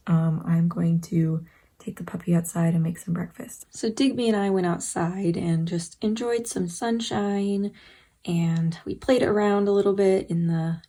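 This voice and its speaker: Chatty young woman with a dark husky voice. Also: on the low side, steady tone, a little slow. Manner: chatty, self-mocking, drops into whispers. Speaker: vlogger. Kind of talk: casual writing vlog.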